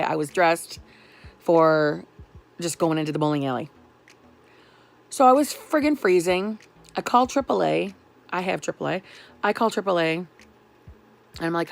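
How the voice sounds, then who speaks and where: Sarcastic woman venting, gravelly low voice. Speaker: vlogger. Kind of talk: sarcastic storytelling vlog.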